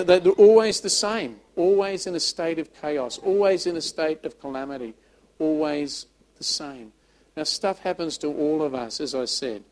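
A man preaching a sermon. His delivery is emphatic, he repeats words, and he swings between loud and soft. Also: fairly high pitch, low-quality recording. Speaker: pastor.

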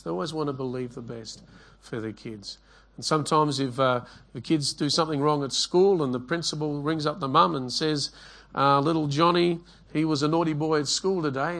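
A middle-aged man delivers a sermon at an ordinary pitch. He tells stories from family life and scripture, slipping into the voices of the people he quotes. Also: a bit bright. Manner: storytelling, acts out quoted voices. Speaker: pastor.

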